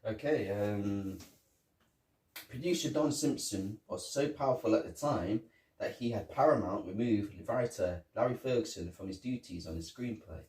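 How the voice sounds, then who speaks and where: A man co-hosting a casual film review podcast, talking in halting, animated bursts. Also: fairly low pitch, recorded from a distance. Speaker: podcast co-host. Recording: roomy, off-mic.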